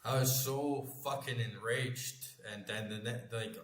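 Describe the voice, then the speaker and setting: A man's voice: mid-range voice, fairly even intonation, unhurried. Man, 40s, casual rambling chat, constant swearing, emphatic, echoey room. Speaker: gaming channel host.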